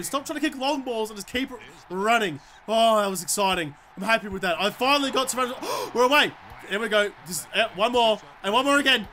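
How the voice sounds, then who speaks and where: A man giving excitable let's-play commentary, swearing and shouting at the game as he plays. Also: very high voice, fast talker, slight background noise. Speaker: gamer.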